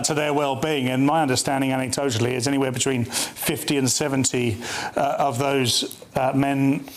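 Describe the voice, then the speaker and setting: A man's voice: mid-range voice, poor audio. A man speaking as a guest on a political panel, arguing his point with frequent hesitations. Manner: argumentative, with hesitations. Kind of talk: political debate.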